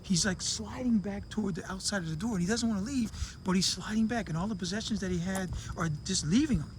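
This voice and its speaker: A man's voice: high-pitched, quick pace, slight background noise. A man casually telling a long joke to camera, acting out the characters in raised voices. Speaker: vlogger living abroad.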